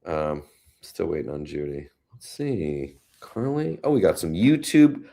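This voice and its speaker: A man with a deep, low voice hosts a relaxed live stream from his home in New York City. He talks slowly and unhurriedly, chatting about the weather and answering viewer comments with gentle, consoling words. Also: creaky. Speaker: host. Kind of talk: casual live-stream chat.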